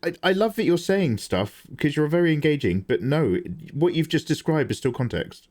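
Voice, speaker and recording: A man's voice: a little high, big pitch swings, normal speed, a little mellow. A man chatting casually on his livestream while drawing, joking and bantering, with casual swearing.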